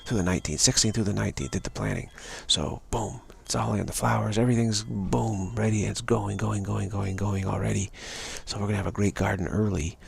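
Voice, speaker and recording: A man's voice: fairly low pitch, fairly even intonation, brisk, vocal fry, few pauses, husky. A man giving a rambling spiritual talk on a live stream, repeating himself and restarting words often. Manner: repetitive, stumbling restarts, earnest. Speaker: spiritual teacher.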